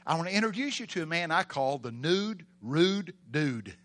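Male preacher, bright tenor-leaning voice, dramatic sermon delivery with call-and-response. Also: fairly high pitch, big pitch swings, moderate pace. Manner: dramatic, shifts between loud exclamations and hushed storytelling.

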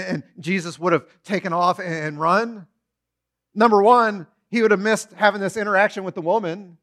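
A man preaching a sermon, retelling a story with animated storytelling and short acted-out quotes. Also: high voice.

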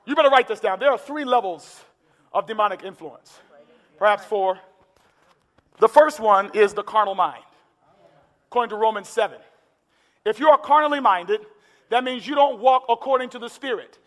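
A man preaching a sermon in a church, building to impassioned shouted climaxes. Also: high-pitched, moderate pace, pauses often. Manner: impassioned, shouting climaxes with call-and-response urgency. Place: large church hall with congregation. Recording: echoey church hall with crowd.

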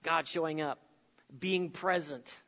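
A male pastor with a high, bright voice preaches with emphatic phrasing and dramatic pauses. He swings between loud declarations and hushed lines. His voice rings out in a hall with a long, echoing reverb. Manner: emphatic, with dramatic pauses and sudden drops to soft. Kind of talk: sermon.

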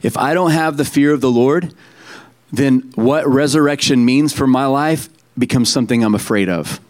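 A man's voice: mid-range voice, normal speed, a little mellow. Man preaching a conversational sermon. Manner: conversational preaching with frequent restarts and asides. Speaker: pastor.

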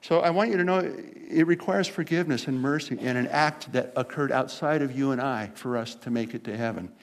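Speaking a little fast in a mid-range voice, a pastor delivers a sermon in a conversational style, animatedly storytelling and voicing the characters' words as he acts them out.

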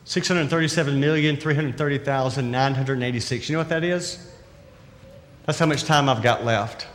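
A man's voice: medium pitch, normal speed. A man preaching a sermon as a pastor, in a conversational and emphatic way with rhetorical questions. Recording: reverberant hall.

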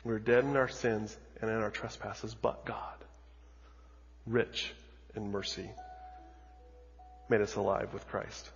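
A man preaching a sermon as a pastor, telling the story dramatically with lots of repetition and moving between hushed and loud delivery. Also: fairly low pitch, steady tone, slow pace, long pauses, faint music behind. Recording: dull audio with long hall reverb.

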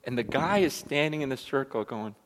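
A male pastor preaching a sermon in a church, self-deprecating and animated, often repeating words as he goes. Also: medium pitch, brisk, a little hiss or hum. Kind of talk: sermon with a joke. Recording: long church reverb.

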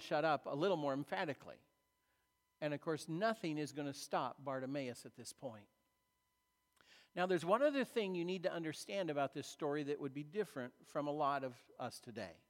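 A man preaching a sermon as a pastor, retelling a story in a conversational way with dramatic pauses. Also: on the high side. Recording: long reverb of a large hall.

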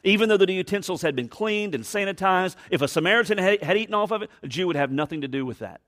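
A man preaching a sermon, reading scripture and explaining it with expressive emphasis, dropping to hushed tones and acting out quoted voices. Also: sits high, quick pace. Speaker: pastor.

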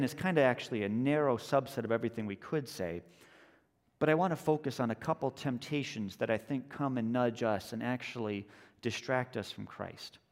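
A man preaching a sermon in a relaxed, conversational way, telling a story and slowing down for emphasis. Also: mid-range voice. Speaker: pastor. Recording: long church reverb.

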